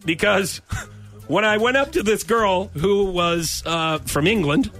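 A man's voice: high-pitched, takes it slowly, a bit bright, faint music behind. A man co-hosting a casual chat, rambling and self-deprecating as he tells a story. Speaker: co-host.

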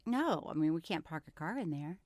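A woman's voice: sits low, big pitch swings, brisk, a little mellow, dry recording, clean studio sound. A woman co-hosting a podcast in casual, giggly chat that often trails off. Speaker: podcast co-host.

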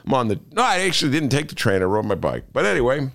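Rambling, wildly animated radio host. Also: male voice, mid-range voice, quick pace, hardly any pauses. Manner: rambling, jokey storyteller with voiced asides. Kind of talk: casual radio chat.

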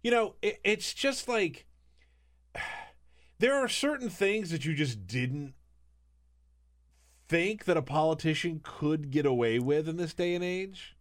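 Male podcast host, casual and sarcastic, lively up-and-down delivery. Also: a little high, slow pace, long pauses. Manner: sarcastic, animated, laughs often. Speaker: guest host. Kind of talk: casual political podcast chat.

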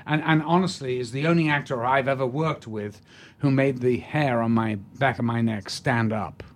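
A man's voice: medium pitch, moderate pace. Older Englishman telling theatrical stories. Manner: theatrical storytelling, hesitant restarts. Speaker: guest actor. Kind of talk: anecdotal interview talk.

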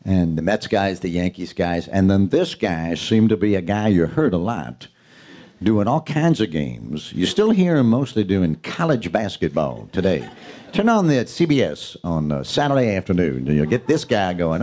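Man from queens, actor guest, joking, impressions, deep voice, swooping intonation. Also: moderate pace. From Queens, New York. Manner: animated, jokey, slips into impressions. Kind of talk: casual interview chat.

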